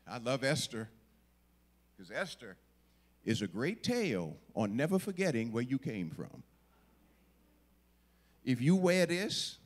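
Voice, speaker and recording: Lively, animated male preacher. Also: fairly high pitch. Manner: dramatic storytelling, acting out voices, sudden drops to a whisper. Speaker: guest preacher. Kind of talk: sermon.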